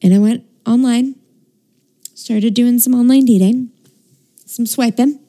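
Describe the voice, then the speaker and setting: Mellow-voiced woman chatting about intention. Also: on the high side, fairly even intonation, measured pace. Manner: chatty, laughs often, swears casually. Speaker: spiritual coach. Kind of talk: casual monologue on intention setting.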